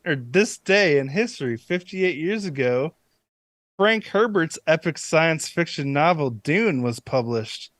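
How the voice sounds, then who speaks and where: A man's voice: fairly high pitch, fairly bright tone, no room sound. Man reading trivia in a dry podcast chat. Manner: reads out trivia items with many fillers. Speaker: podcast co-host. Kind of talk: casual chat.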